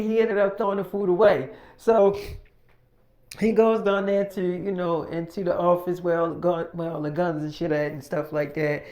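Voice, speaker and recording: Brief: woman, relaxed rambling storyteller, swears freely, mid pitch. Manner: rambling, profane, retells dialogue. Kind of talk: casual story recap of a role-play.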